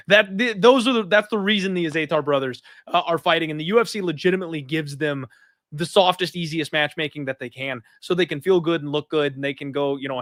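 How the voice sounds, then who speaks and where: A man hosting a sports betting podcast, all blunt opinions and animated delivery. His voice sits high. The sound is dry and close, with no room around it. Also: no echo. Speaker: podcast host. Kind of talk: casual betting podcast chat.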